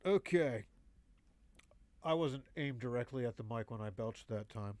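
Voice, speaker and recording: A man's voice: mid-range voice, expressive, unhurried, darkish tone, no echo. A man co-hosting a comedy podcast, reading joke headlines with crude, swearing banter. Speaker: podcast co-host.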